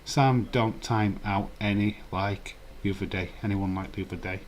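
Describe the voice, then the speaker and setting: A man's voice: fairly low pitch, fairly even intonation, normal speed, a little hiss or hum. A man hosting a casual live stream, rambling and chuckling while reading the chat. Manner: rambling, chuckling, chatty asides.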